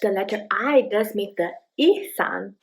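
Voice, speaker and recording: A patient mother, played by a woman, coaxes her child to sound out words, prompting one step at a time with gentle encouragement. Her voice sits at a mid pitch and stays plain and natural. It is a scripted parenting demonstration. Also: lively intonation, measured pace, low-quality recording. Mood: encouraging. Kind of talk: acted parenting demonstration skit.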